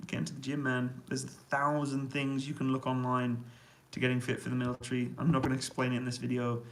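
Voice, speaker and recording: A man on a live stream from indoor army accommodation reads out viewer comments and answers them easygoingly, laughing often. He speaks quickly in a monotone, medium-pitched voice, with slight background noise and poor audio.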